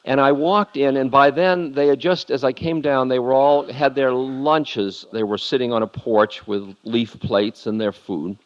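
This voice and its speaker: A spiritual lecturer telling a confessional story candidly and laughing at himself, heard on a muffled lo-fi tape. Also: male voice, medium pitch, fairly even intonation, unhurried, few pauses.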